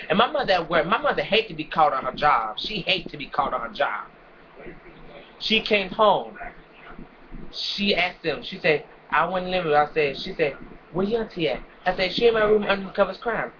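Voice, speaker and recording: A young man telling a story from his own life and lecturing kids and parents, animated and preachy, with lots of restarts. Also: on the high side. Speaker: vlogger. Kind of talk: casual storytelling rant. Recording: dull lo-fi with crowd noise behind.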